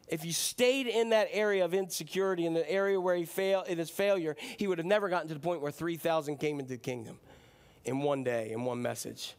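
A man preaching a sermon in a conversational, animated way, dropping his voice to act out quoted lines. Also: a little high, quick pace. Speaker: pastor.

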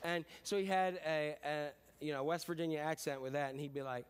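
A man's voice: fairly high pitch, fairly even intonation, brisk, hardly any pauses, smooth. A middle-aged man preaching a conversational sermon as a pastor, telling stories in a chatty, self-deprecating way with many fillers.

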